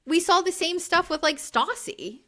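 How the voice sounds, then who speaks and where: A woman's voice: very high voice, lively intonation, normal speed, bright, forceful tone. A woman co-hosting a podcast, recapping reality TV in casual chat, chatty and exasperated, full of fillers. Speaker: podcast co-host.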